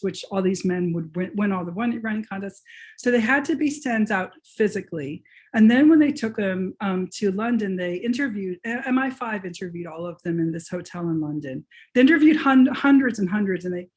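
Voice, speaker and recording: An author and professor, a woman with an expressive, mid-range, darkish voice, answers questions at a moderate pace during a virtual lecture heard over a video call. She talks eagerly in this conversational Q&A, restarting sentences as she thinks aloud.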